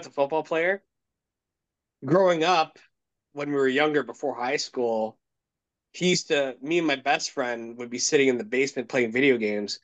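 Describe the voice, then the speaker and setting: A man's voice: mid-range voice, low-quality recording. A man hosting a podcast, telling rowdy stories in casual chat, swearing constantly and laughing at his own jokes. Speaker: podcast host.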